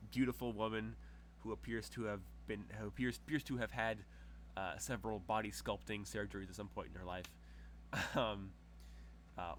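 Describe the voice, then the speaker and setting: Low-voiced man running a tabletop game. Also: fairly bright tone, a little hiss or hum. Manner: rambling, filler-heavy descriptions. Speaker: game master.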